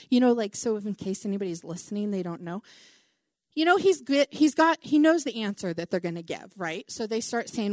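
A middle-aged woman preaching a conversational Bible teaching, animated and chatty, with many asides and "like"s. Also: medium pitch, moderate pace, no room sound, studio quality.

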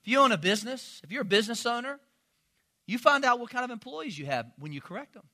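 A male pastor delivers a sermon in a high, ringing voice with a bright edge. He tells stories with lively energy, slipping into the voices of people in his congregation before landing his point. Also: fast. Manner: animated storytelling, impersonates congregants.

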